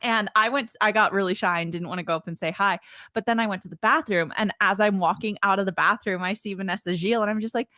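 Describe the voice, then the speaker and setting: A woman's voice: medium pitch, quick pace, pushed and bright, dry recording, studio quality. Giddy American woman podcaster. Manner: giddy, laughs often. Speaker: podcast co-host. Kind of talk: casual fan chat.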